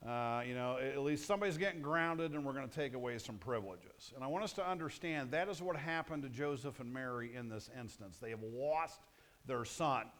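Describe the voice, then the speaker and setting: A man's voice: medium pitch, fairly quick, a bit bright. A male pastor preaching a sermon in a conversational, punchy way, often asking the audience questions.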